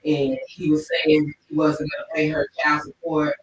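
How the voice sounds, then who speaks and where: A woman hosting a casual livestream chat show, telling stories in an animated, expressive way. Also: low-pitched, normal speed, a little hiss or hum. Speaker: talk show host. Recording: echoey room, distant mic.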